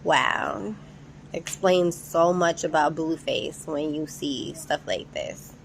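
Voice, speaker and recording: A woman's voice: low voice, takes it slowly, creaky, slight background noise. A young woman casually recapping a reality show episode, chatty and incredulous, laughing often.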